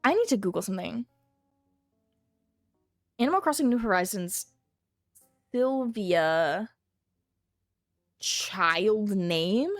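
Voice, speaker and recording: A woman's voice: mid-range voice, lively intonation, takes it slowly, pauses often, no echo, studio quality, faint music behind. A young woman streaming a video game from home, thinking aloud in a rambling, casual way and humming to herself. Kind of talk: casual live-stream chatter while playing.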